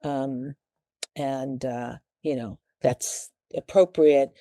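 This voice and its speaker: A woman hosting a marriage advice show, talking casually in a rambling, halting way and acting out the lines a wife might say. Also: extremely low pitch, fairly even intonation, mellow, no room sound, clean studio sound. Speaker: talk show host giving marriage advice.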